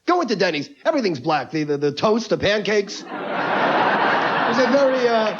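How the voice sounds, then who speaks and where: A man's voice: high voice, big pitch swings, very noisy. A man doing a brash, ranting stand-up comedy set on stage before a live audience. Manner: brash, rapid-fire, ranting. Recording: lo-fi TV broadcast with audience.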